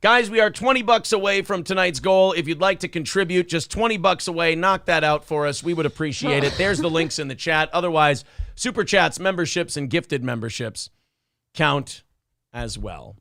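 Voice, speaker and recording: Male show host, a little drunk, rambling with fillers, bright tone, dry close sound. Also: fairly high pitch, normal speed, no room sound. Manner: rambling and fumbling, full of fillers. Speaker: podcast host. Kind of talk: casual live-stream chat.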